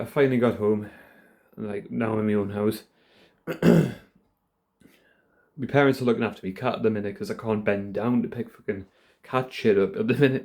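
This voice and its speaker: Brief: young man, casual profane monologue, warm mellow tone, indoors at home. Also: medium pitch. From United Kingdom. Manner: rambling, profane, rough-edged. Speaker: vlogger.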